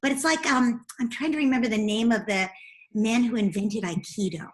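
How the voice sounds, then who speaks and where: A woman's voice: a little high, normal speed. A woman guest in an interview, earnestly explaining parenting advice step by step. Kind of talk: interview answers.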